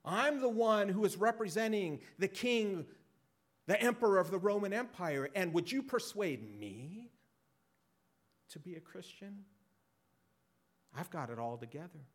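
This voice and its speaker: A man voicing a proud, dismissive ancient king in a sermon, scoffing and boasting loudly. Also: high-pitched, animated, a little slow, long pauses, voice pushed up. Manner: proud and scoffing, rising and loud.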